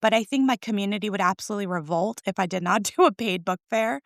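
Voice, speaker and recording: A woman's voice: medium pitch, fast, no room sound, clean studio sound. A woman in her forties, a school librarian, chatting in an interview with enthusiasm, laughing often and tagging "right?" onto her points. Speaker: school librarian, podcast guest. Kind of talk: conversational interview.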